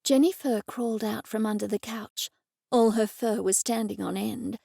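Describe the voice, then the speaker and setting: Gravelly, close woman audiobook narrator. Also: fairly high pitch, steady tone, normal speed, warm tone, no room sound. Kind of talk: scripted first-person audiobook narration.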